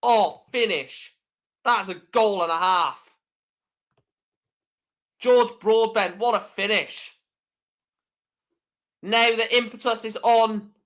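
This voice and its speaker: Slow-talking man, fan commentary. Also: high-pitched, a bit bright. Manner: chatty, swears freely. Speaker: live stream host.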